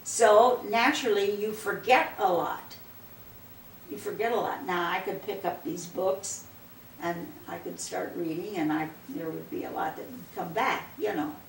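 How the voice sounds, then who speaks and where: An older woman telling a long story in a relaxed, rambling way, looping back on herself with "I said" and "she said." She is taped from a distance in a roomy space, with a faint hum of background noise. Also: lowish voice, unhurried, gravelly. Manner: rambling, repeats "I said" and "she said" often. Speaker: interviewee. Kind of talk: casual storytelling.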